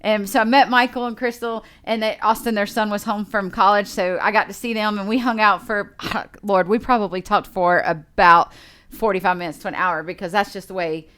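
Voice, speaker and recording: A woman's voice: medium pitch, fairly quick, smooth. A woman, co-hosting a podcast and telling a story in casual chat, acting out the other people's lines. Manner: animated storyteller acting out quoted dialogue. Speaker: podcast co-host.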